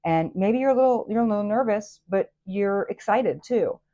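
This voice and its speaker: A woman hosting a casual tarot reading, excitable and chatty, with plenty of fillers and restarts. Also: mid-range voice, normal speed, lo-fi sound. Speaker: tarot reader and channel host.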